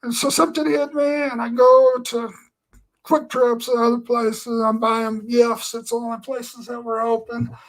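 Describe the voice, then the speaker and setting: At a measured pace, a Christian man recounts his personal testimony earnestly, his very high-pitched voice keeping a level tone. The telling meanders with many fillers, and the recording is rough.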